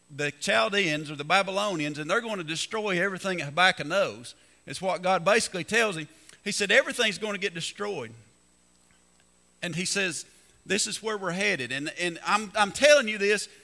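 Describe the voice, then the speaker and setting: A man preaching a sermon as pastor, reading scripture slowly and building emphasis. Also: high voice, creaky, pushed and bright, big-room sound. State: coughing, slightly hoarse.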